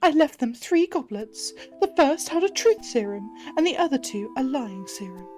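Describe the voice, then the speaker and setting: A fussy little mouse, played by a woman, who wails about her stolen sword in a squeaky, over-the-top voice that swoops up high. She pleads and exclaims with theatrical flair, like a game figure. Soft music plays faintly behind her. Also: sing-song, moderate pace. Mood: dramatic.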